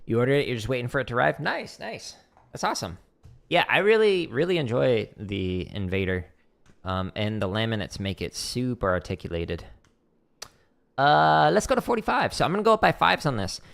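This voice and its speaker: Fairly quick and sing-song, this man's mid-range voice is gravelly yet fairly bright. He teaches drum rudiments on a livestream from his home practice room, counting patterns aloud into a desk mic, loose and chatty with lots of "like."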